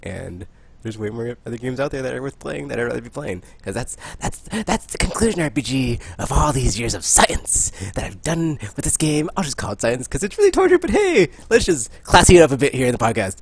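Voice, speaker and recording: A man co-hosting a casual gaming podcast, ranting in an animated way, laughing and acting out quotes. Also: medium pitch, a little fast, vocal fry, breathy edge. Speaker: podcast co-host.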